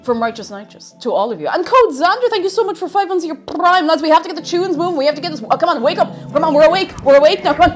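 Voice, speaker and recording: A woman's voice: very high-pitched, expressive, racing, few pauses, faint music behind. A woman hosting a live stream from her home kitchen, chatting playfully with viewers and making silly asides. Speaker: livestream host. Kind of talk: casual chat with live viewers.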